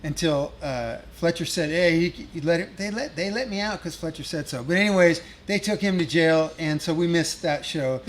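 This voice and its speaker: A man's voice: a little high, moderate pace, few pauses, slight background noise. A middle-aged man telling a rambling, profane touring story as a guest musician, laughing at his own tale. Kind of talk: casual storytelling.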